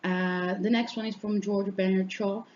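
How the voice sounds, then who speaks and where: A young woman delivers a student oral presentation at a mid-range pitch. She explains her points one by one and fills her pauses as she goes. The recording is dull and lo-fi, with a faint hiss of noise behind her. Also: steady tone, a little mellow. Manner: explanatory, pausing with fillers.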